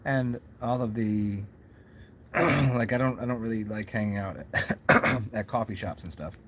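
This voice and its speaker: A man's voice: lowish voice, measured pace, noisy background. A young man talking in a casual, rambling monologue to his camera, musing aloud with many restarts and asides. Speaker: vlogger.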